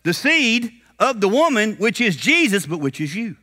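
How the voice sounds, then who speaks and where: A man preaching a sermon at a conference, animated and shouting at peaks, slipping into character voices for retold scenes. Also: high voice, moderate pace. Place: conference hall.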